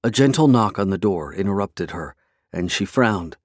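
Lower-voiced man reading a fantasy audiobook. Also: lively intonation, normal speed, dry recording, clean studio sound. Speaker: narrator. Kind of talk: scripted fantasy audiobook narration.

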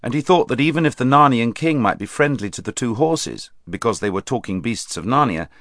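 A man narrating a storybook in an expressive reading voice. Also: mid-range voice, brisk, no echo, studio quality. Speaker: audiobook narrator.

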